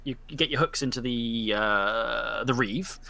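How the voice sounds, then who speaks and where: A man's voice: mid-range voice, measured pace, gravelly, bright, forceful tone, no echo. A man narrating a tabletop game as storyteller, rambling with many restarts.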